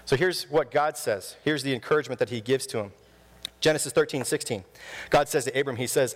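A man in his thirties preaching a sermon in a church, telling stories with animated delivery and acting out the voices he quotes. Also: mid-range voice, normal speed, long reverb tail. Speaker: pastor. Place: church sanctuary.

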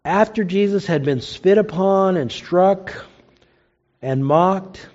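A man's voice: takes it slowly, darkish tone, lo-fi sound. A man preaching a sermon, retelling a story and acting out the quoted lines. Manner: storytelling, acts out quoted lines with rising pitch.

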